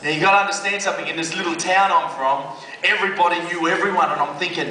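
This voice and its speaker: Australian man, high and bright voice, animated slangy storyteller, echoey hall, mic far off. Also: quick pace. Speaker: speaker giving a testimony. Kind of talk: storytelling talk.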